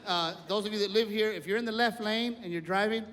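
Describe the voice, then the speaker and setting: Profane man doing stand-up, high voice. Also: fast, a bit bright. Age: adult, older than in youth. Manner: profane, storytelling. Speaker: stand-up comedian. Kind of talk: stand-up comedy. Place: live comedy stage. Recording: live club, reverb and crowd.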